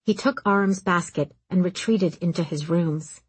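A woman reading a story aloud, in a calm, steady narration. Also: on the low side, normal speed, slightly rough, dry recording. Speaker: audiobook narrator. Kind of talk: scripted narration.

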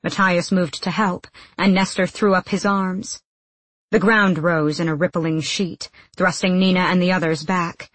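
A woman narrating an audiobook in a steady, measured storytelling voice. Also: fairly low pitch, dry recording. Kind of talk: scripted narration.

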